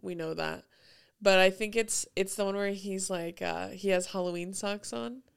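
A woman's voice: medium pitch, fairly even intonation, normal speed, gravelly, clean tone. A young woman in casual chat, talking loosely with lots of "like" and frequent laughter. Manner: chatty, heavy use of "like", laughs often.

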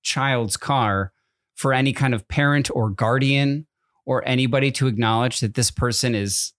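Guy in his 30s rambling thru a story on a podcast, dry close sound, normal pitch. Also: normal speed, fairly bright tone, dry recording. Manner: rambling storyteller, self-correcting. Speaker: podcast co-host. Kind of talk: casual chat.

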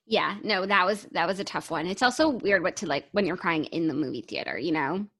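Young woman podcast cohost, expressive, agrees a lot, casual chat. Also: lowish voice, brisk. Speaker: podcast co-host.

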